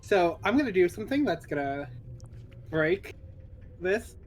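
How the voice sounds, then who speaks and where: A man's voice: sits high, big pitch swings, unhurried, soft background music, rough recording. A man playing a tabletop game, casually and eagerly announcing what his character does. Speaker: player.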